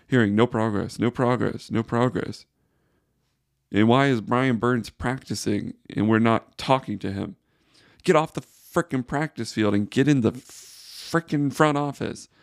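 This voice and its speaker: A man's voice: medium pitch, normal speed, no room sound, clean studio sound. A man hosting a solo sports podcast, ranting in exasperated frustration. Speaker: podcast host.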